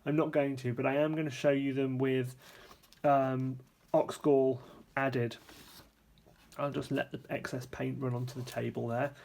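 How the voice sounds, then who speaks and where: A man giving a casual, hands-on painting tutorial, chatty and relaxed, thinking aloud and correcting himself as he works at a painting table. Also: medium pitch, a little slow, creaky. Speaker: art supplies reviewer demonstrating paints.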